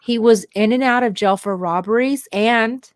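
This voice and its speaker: A woman's voice: fairly high pitch, moderate pace, dry recording, clean studio sound. A woman with a Southern US accent hosting a podcast, telling a story in a chatty, joking way. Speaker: podcast host. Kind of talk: casual chat.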